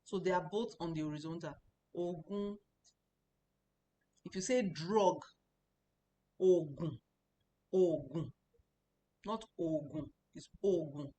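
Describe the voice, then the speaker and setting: A woman leads a relaxed online language lesson, explaining step by step and repeating each sound. Her voice sits on the low side. A faint hiss runs under the recording. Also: brisk, few pauses. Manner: explanatory, repeats words for practice, chatty asides. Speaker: Chinese language teacher.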